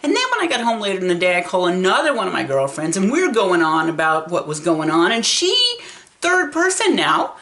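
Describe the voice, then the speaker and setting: Chatty woman in her sixties, low voice. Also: very animated, brisk, a bit bright. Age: 60s. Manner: chatty, laughing often as she talks. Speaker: vlogger. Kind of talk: casual storytelling vlog.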